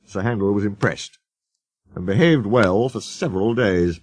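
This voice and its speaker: A man's voice: fairly low pitch, a little hiss or hum. A man reading a children's storybook aloud as narrator, doing the characters' voices. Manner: slow, lively intonation.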